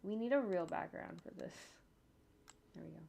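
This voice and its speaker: A woman's voice: lowish voice, normal speed, gravelly, mellow, husky. A woman animator casually narrating her work as she goes, thinking aloud with jokey asides and humming to herself. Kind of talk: casual narration while working on screen. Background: faint computer keyboard typing and clicks.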